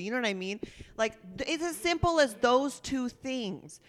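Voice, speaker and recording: A woman's voice: high-pitched, very animated, moderate pace, in a large hall. A young woman talking in casual chat, heated and blunt, swearing a lot.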